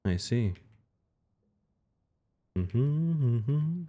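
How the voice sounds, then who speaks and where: Animated, playful male streamer. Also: slow pace, creaky, long pauses. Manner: playful, giggly, jumps into squeaky silly voices. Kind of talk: live-streamed gameplay chat.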